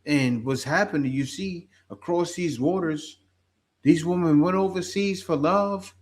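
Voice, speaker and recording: A man's voice: a little high, measured pace. A man from the United States giving a repetitive, preachy reaction commentary, asking rhetorical questions. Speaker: commentary host.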